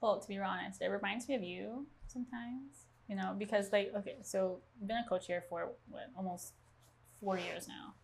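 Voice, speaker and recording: A woman's voice: medium pitch, steady tone, moderate pace, gravelly, a little hiss or hum. Woman coach, chatty, laughs easily, casual group talk. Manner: chatty, laughs often, many fillers.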